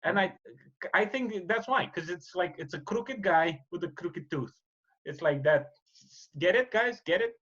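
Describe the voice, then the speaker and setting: Rambling jokey guy from romania, kinda high voice, muffled lo-fi sound. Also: expressive, unhurried, fairly bright tone, slightly rough. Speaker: podcast co-host. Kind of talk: casual movie chat. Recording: muffled lo-fi audio.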